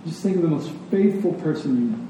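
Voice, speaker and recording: A man's voice: a little high, expressive, fairly quick, mellow, slight background noise. A man preaching a sermon as a pastor, emphatic and rhythmic, leaning on key words. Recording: echoey hall, distant mic.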